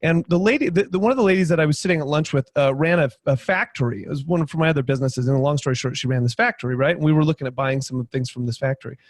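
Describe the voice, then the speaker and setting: A man on a video panel telling a lively story, acting out both sides of a conversation with many quick restarts. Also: a little high, no room sound, studio quality. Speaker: guest panelist, sales trainer.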